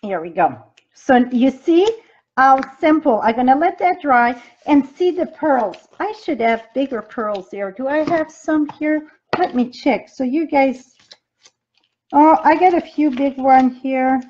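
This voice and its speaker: A woman's voice: sits high, expressive, a little slow, a little mellow, slightly rough, dull audio. A woman leading a live-streamed craft demo, chatting straight to her viewers as she works, with loose grammar and frequent ums. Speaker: craft demonstrator and team leader. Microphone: device mic from a live video stream.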